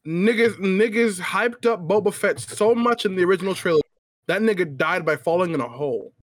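A man's voice: high voice, a little fast, no echo. A man co-hosting a casual podcast, ranting playfully with lots of swearing. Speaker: podcast co-host. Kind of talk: casual chat.

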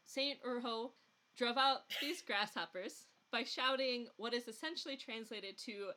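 A woman's voice: fairly high pitch, measured pace, sharp tone. A woman from the Upper Midwest with a rural Midwestern accent, co-hosting a podcast and telling a story in a chatty, giggly way. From US Upper Midwest, along the Mississippi. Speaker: podcast co-host. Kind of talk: casual podcast chat.

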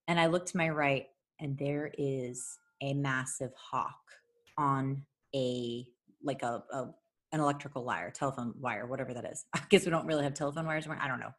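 A woman telling a long story in casual chat, animated, swearing freely and laughing often. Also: very deep voice.

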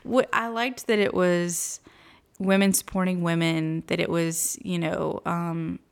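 A woman's voice: fairly low pitch, level tone, measured pace, clean tone. A woman co-hosting a podcast in casual chat, laughing often and poking fun at herself. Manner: laughs often, giggly and self-deprecating. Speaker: podcast co-host.

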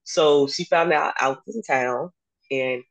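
Animated woman coach telling her story. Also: sits low, unhurried, rough recording. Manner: animated, acts out dialogue, laughs often. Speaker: basketball coach and podcast guest. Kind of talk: casual storytelling interview.

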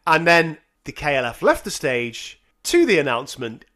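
An animated man co-hosts a casual music podcast, his voice sitting a little high and swooping widely. He laughs often and drops sarcastic asides into the quotes he reads aloud. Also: unhurried. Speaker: podcast co-host.

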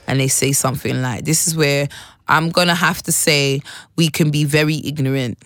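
A woman's voice: low-pitched, moderate pace, no echo. A woman, talking candidly and with feeling in a casual chat. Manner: candid, animated, says "bruv" and "I'm telling you". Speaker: guest.

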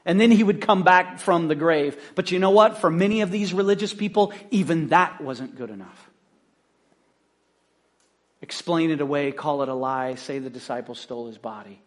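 A man pastor preaching a conversational sermon, telling the story in an animated, casual way. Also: a little high, moderate pace.

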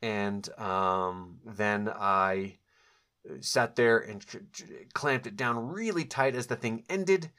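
A man's voice: lowish voice, slow pace, sharp tone, smooth. A middle-aged man telling a personal story from his past, reflective and candid, with frequent fillers and self-corrections. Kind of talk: personal storytelling, memoir recollection.

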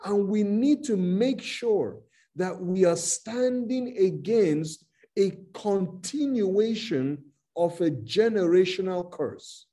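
Slow, mellow Nigerian preacher. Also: male voice, high-pitched, animated. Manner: slow, emphatic preaching with dramatic retelling. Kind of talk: sermon.

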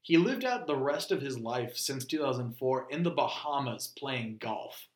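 A man co-hosting a casual podcast chat, telling animated stories and slipping into mock impressions. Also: medium pitch, moderate pace, echoey room. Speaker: podcast co-host.

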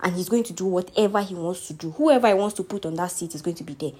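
Nigerian girl podcasting, kinda husky low voice, heartfelt and preachy about keeping faith. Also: fast talker, dark tone. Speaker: podcast host. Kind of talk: motivational faith talk.

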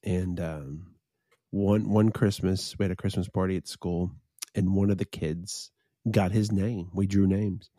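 A middle-aged man co-hosting a podcast, telling stories in a relaxed, chatty way. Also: sits low, measured pace, no room sound, studio quality. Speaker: podcast co-host. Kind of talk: casual storytelling chat.

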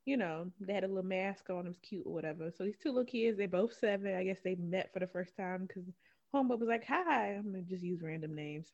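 A woman's voice: fairly high pitch, animated, a little fast, dull audio. A woman co-hosting a podcast, telling a profane story in casual chat and laughing often. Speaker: podcast co-host.

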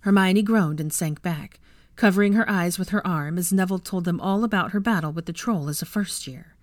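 A woman reading fan fiction aloud with an expressive reading voice. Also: fairly low pitch, brisk, dry recording, studio quality.

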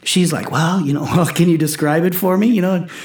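A man's voice: on the high side, a little fast, darkish tone, reverberant. A man in his forties, a powerlifter and coach, talking intensely in casual chat, swearing and acting out his own quotes. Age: 40s.

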